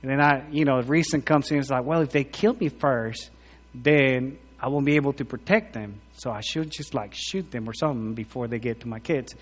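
A man, preaching a conversational sermon into a handheld mic, joking, then swinging from loud emphatic lines to quiet asides. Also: mid-range voice, moderate pace. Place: church hall. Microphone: handheld microphone. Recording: long hall reverb.

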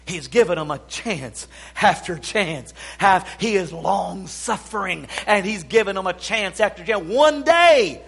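A man delivering a fiery sermon in a high, bright voice. He rises to shouts, then drops to near-whispers while quoting scripture. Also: measured pace, gravelly, few pauses, breathy edge. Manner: swings from shouting to hushed, quotes scripture. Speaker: preacher. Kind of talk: revival sermon.

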